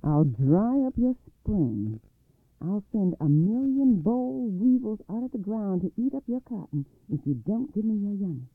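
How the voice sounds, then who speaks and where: A menacing hairy swamp creature, boastful and mean, bellows his threats in a storybook reading, as a man puts him on. The voice leaps around in pitch and is slightly breathy. The sound is thin and phone-like, with a dry, close feel. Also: very animated, measured pace, no room sound, heavily acted. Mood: threatening.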